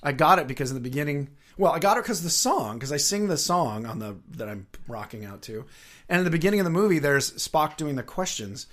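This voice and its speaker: A middle-aged man who is a guest on an interview show, telling rambling, lively anecdotes and laughing often. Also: fairly high pitch, fast. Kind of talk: casual anecdotal storytelling.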